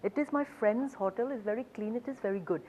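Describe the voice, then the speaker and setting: A woman's voice: a little high, fast talker, mellow, a little hiss or hum, voice pushed up, lightly acted, rough recording. A woman voicing an eager, insistent male rickshaw driver with a Hindi-influenced Indian English accent, politely repeating himself. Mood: apologetic. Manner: over-polite, repeats "madam", reassuring.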